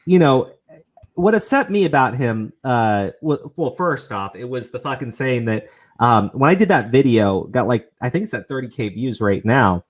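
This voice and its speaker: Brief: male stream host, lively pitch swings, rambling, swears freely. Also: normal speed. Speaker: show host. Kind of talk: casual commentary stream.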